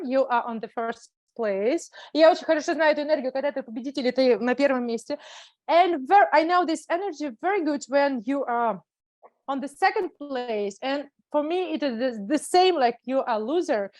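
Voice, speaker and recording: A woman with a Russian accent, a participant on a video call asking a question in halting, simple English. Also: sits high, animated.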